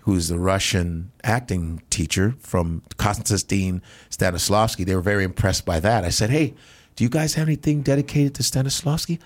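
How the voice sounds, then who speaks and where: Animated Nigerian-born man telling stories. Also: on the low side, normal speed. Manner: animated, acts out voices in his stories, swears freely. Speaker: comedian guest. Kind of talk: casual podcast storytelling.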